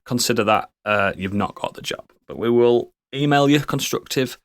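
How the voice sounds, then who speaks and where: Man, podcast host, casual rambling chat, jokey, mid pitch, dry close mic. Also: moderate pace, no echo.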